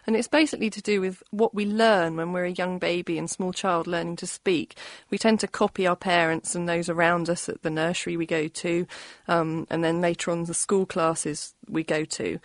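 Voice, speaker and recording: A woman's voice: lowish voice, dry recording. A woman guest on a radio science show, answering a listener's question thoughtfully with frequent ums. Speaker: expert guest.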